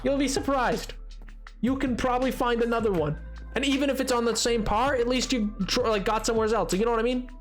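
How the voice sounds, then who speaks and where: Young man, high-pitched, live-stream chatter, lively storyteller who laughs a lot. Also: a little fast, faint music behind. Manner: animated storytelling, laughs often, mocking voices. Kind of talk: casual live-stream chat while gaming.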